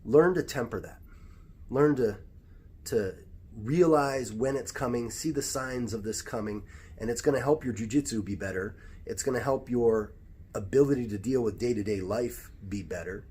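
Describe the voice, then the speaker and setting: A man's voice: lowish voice, moderate pace, warm tone, husky. An American man, a jiu-jitsu instructor, talking through life advice in a reflective, conversational way with frequent restarts. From United States. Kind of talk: casual advice talk.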